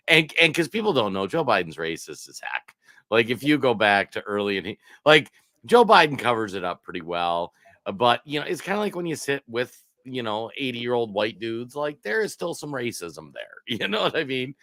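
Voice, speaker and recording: Animated, bright-voiced male co-host. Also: mid-range voice, normal speed, no echo. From Minnesota. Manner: animated storyteller who acts out quotes. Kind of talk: casual political talk.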